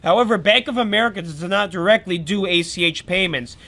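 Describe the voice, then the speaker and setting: A man's voice: high voice, brisk, sharp tone. A man in his twenties narrating his daily vlog in a blunt, chatty, defiant storytelling manner. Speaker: daily vlogger. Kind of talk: casual vlog voice-over narration.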